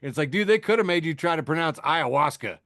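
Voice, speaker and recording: A man's voice: on the high side, lively intonation, quick pace, fairly bright tone, no echo, studio quality. A man hosting a podcast, riffing sardonically through news, laughing at his own jokes, with lots of fillers and restarts. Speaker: podcast host. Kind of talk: casual news chat.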